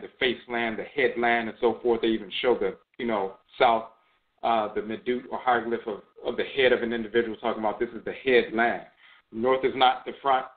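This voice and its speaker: A man giving a measured spiritual lecture, often repeating phrases and trailing off with "and so forth". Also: mid-range voice. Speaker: host and spiritual teacher. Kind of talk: spoken lecture on spiritual tradition. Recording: tinny phone-like sound.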